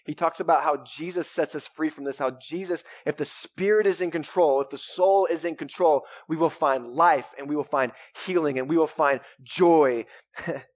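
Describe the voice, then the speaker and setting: A man's voice: a little high, no echo. A pastor preaching an earnest, conversational sermon and repeating phrases as he goes. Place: church sanctuary.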